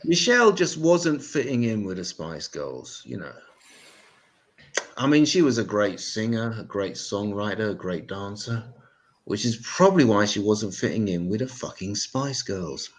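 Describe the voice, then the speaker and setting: An English man hosts a live stand-up comedy show on a stage mic, addressing the audience with deadpan jokes and sarcastic, sweary asides. His voice is lowish and unhurried, and the recording is rough.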